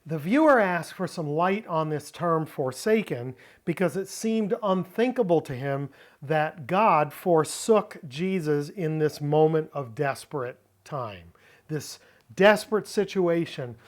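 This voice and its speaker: Slow, deliberate male Bible Greek teacher. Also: fairly high pitch, expressive. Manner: slow, deliberate explaining with repetitions. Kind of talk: Bible word study lesson.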